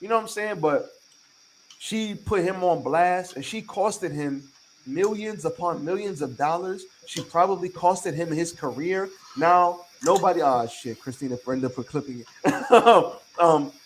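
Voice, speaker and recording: High-voiced man ranting emphatically. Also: lively intonation, measured pace, slight background noise, low-quality recording. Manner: emphatic, profane, repeats points for emphasis; lecturing listeners directly. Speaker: podcast host. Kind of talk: casual podcast chat.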